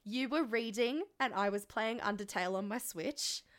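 A woman's voice: a little high, normal speed. A young woman co-hosting a podcast in casual chat, laughing often and swearing freely. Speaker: podcast co-host.

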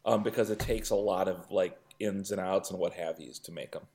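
A man with a very low voice, blunt and crude in casual podcast chat. He delivers mock-stern warnings deadpan. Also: brisk, husky. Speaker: podcast co-host.

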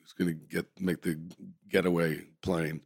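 A man's voice: deep voice, flat delivery, moderate pace, vocal fry, darkish tone, dry recording, clean studio sound. A man, an actor, casually telling rambling, amused stories from a film shoot, often restarting his sentences. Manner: rambling, self-correcting, amused. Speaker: actor guest. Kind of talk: casual anecdotal storytelling.

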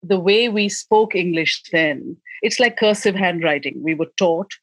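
A woman's voice: on the low side, a little slow, no room sound, poor audio. A woman, answering interview questions as a film director in a passionate, emphatic way with frequent restarts. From India.

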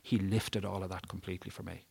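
A man's voice: low-pitched, flat delivery, fast, gravelly, darkish tone, husky. A man, a guest at a live event, candidly and emotionally telling a personal story and swearing freely. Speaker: interview guest. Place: live event before an audience.

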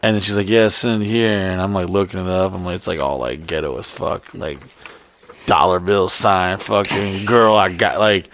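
Gravelly-voiced man telling a profane story. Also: deep voice, normal speed, slight background noise. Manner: profane, animated anecdote-telling. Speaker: podcast co-host. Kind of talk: casual storytelling chat.

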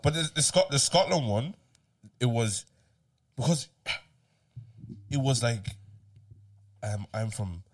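This young man from Ireland has a mid-pitched voice that swings up and down lively as he talks. He tells stories in a relaxed way, often starting a sentence over, and laughs now and then. The talk is a casual chat on a podcast he co-hosts. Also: a little slow, pauses often. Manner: restarts often, laughing storyteller.

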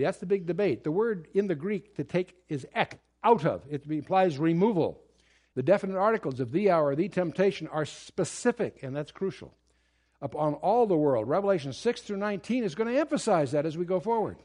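Male Bible teacher, fairly high voice, emphatic lecturing delivery with frequent restarts. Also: lively intonation, fairly quick, darkish tone. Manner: earnest, emphatic, with restarts and asides. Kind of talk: verse-by-verse Bible study lecture.

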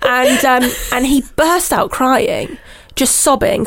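A woman with a fairly high voice tells a personal story in a candid, chatty way. She is animated, slips into mimicked voices of other people and often laughs mid-sentence. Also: slow pace. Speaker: podcast guest. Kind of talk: candid storytelling in casual chat.

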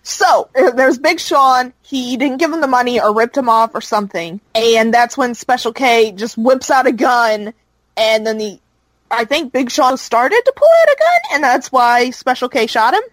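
A woman's voice: on the high side, animated, moderate pace, no echo, rough recording. A woman casually recapping a show's plot, rambling with fillers as she goes. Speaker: podcast co-host recapping a show. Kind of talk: casual chat.

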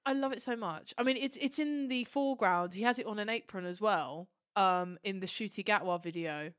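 A woman co-hosting a fan podcast, telling a long story in a gushing, animated way and swearing casually. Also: mid-range voice, fairly quick, no echo, studio quality. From Turkish heritage. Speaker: podcast co-host. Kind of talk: casual chat.

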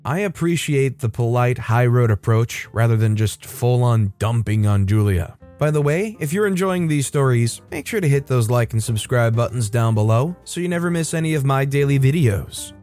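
A man's voice: mid-range voice, expressive, moderate pace, hardly any pauses, a little mellow. Man narrating a story over faint music. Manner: reads quoted lines in a raised, acted-out voice. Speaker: host reading online stories.

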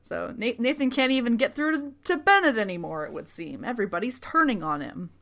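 A woman co-hosting a casual show recap, animated and acting out characters in quick put-on voices. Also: a little high, creaky. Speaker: podcast co-host.

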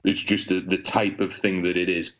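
A man, a podcast co-host telling crude jokes in casual banter with a deadpan delivery. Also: low voice, normal speed. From England. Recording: dull lo-fi sound.

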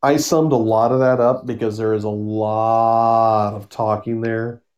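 A man's voice: on the low side, level tone, unhurried, a little mellow, lo-fi sound. A man casually summarizing a comic book story on a podcast, rambling with fillers and acting out the characters' lines. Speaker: podcast co-host.

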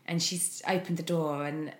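A woman speaking as an interview guest, frank and open in a candid personal account, often pausing on fillers. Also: low voice, steady tone. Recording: echoey room.

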